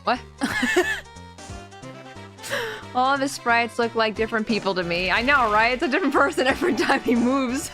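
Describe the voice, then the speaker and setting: Young female streamer, chatty and giggly, fairly high voice, faint game music behind. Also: normal speed, long pauses, a bit bright. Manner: giggly, chatty, reads chat aloud. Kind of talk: casual game-playing chat.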